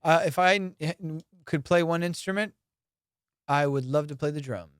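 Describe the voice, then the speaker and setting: A young adult man hosting a comedy podcast, telling stories in profane, excitable casual banter. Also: a little high, normal speed, heavy background noise. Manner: profane, excitable storytelling with frequent laughs.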